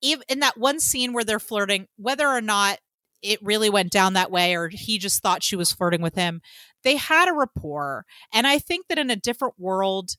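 Bright, chatty woman podcast host. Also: mid-range voice, moderate pace, dry recording, clean studio sound. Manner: animated, chatty, swears freely. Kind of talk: casual film-review chat.

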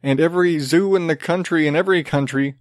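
A man with a slightly high voice talks fast as he hosts a podcast, ranting sarcastically with lots of swearing and rambling restarts. The sound is clean studio audio with no echo.

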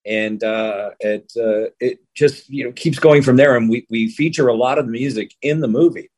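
A man's voice: mid-range voice, moderate pace, darkish tone, husky. A man, a guest voice actor and musician, chatty and joking in a casual interview over a remote call. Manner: chatty and jokey.

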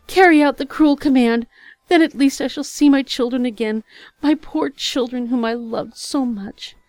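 A young queen in despair cries out in a high, strained voice, as a woman performs her in a storybook reading. The sound is dry and close, with faint music beneath. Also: moderate pace, darkish tone, dry recording, lightly acted. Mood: anguished. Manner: high, anguished crying out. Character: young queen of twenty, desperate and grieving.

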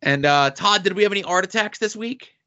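Deadpan man on a lo-fi podcast. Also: high-pitched, a little fast. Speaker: podcast co-host. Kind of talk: casual podcast chat with sponsor reads. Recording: dull lo-fi audio.

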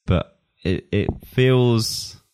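A man's voice: mid-range voice, extremely slow, darkish tone, clean tone. A man hosting a podcast, talking thoughtfully and casually about an episode, with hesitant restarts. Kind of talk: casual review chat.

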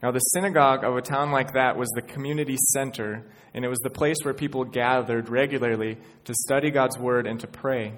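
Man, pastor, earnest sermon, mid-pitched voice, reverberant hall. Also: fairly even intonation, a little fast, few pauses, a little hiss or hum. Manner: earnest, builds to emphatic peaks.

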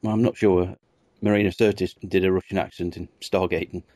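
Brief: male co-host, low voice, teasing and chuckly, dry close recording. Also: steady tone, a little fast, mellow, no echo. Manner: teasing, laughs often. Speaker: podcast co-host. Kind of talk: casual chat.

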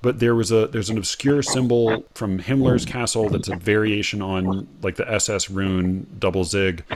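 An American man co-hosting a casual talk about poetry. He speaks with many fillers and restarts and gets animated when he makes a point. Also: on the low side, normal speed, slight background noise. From United States. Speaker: podcast co-host.

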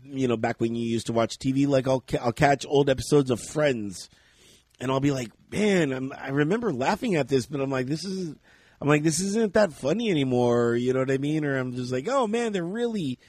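A man hosting a casual podcast chat, quick to laugh and to act out how he reacted in jumps of voice. His voice sits in an ordinary middle range, and the close recording is dry, with no room sound. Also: medium pitch, no room sound. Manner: animated, laughs often, acts out his own reactions. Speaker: podcast host.

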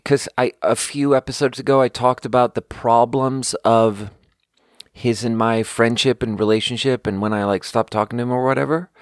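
A man's voice: medium pitch, steady tone, normal speed, dry recording, clean studio sound. A young man hosting a podcast, telling a story in a casual, rambling way and saying "like" a lot. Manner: rambling, conversational, heavy use of "like". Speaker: podcast host.

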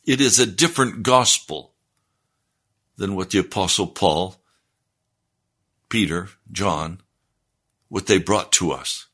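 Male preacher, low voice, slow and emphatic, teaching-style sermon. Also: a bit bright. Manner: deliberate teaching delivery, explaining scripture word by word.

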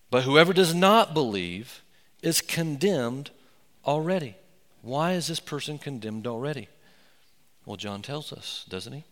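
A man preaching a sermon as pastor, earnest and emphatic, with excited asides. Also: mid-range voice, long reverb tail. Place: church sanctuary.

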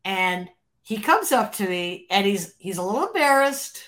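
A woman being interviewed, telling an animated story, laughing often and acting out what others said. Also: medium pitch, moderate pace. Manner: animated, acts out quoted voices, laughs often. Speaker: interview guest, former record label creative executive.

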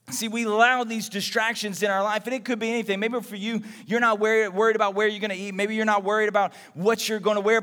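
A man from Texas preaching a sermon in a conversational, animated way, acting out everyday voices. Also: high voice, big-room sound. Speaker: pastor.

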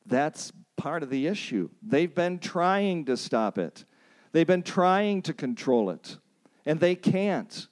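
A man's voice: very animated, takes it slowly. A man teaching a church counseling seminar, earnest and emphatic, quoting scripture and repeating key points for emphasis. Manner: acts out pleading phrases in a higher voice.

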